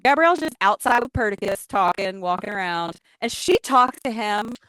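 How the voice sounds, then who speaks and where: A woman's voice: medium pitch, normal speed, low-quality recording. Laughing woman recapping with friends. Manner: animated retelling, acting out characters' lines. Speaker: podcast co-host. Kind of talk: casual recap chat.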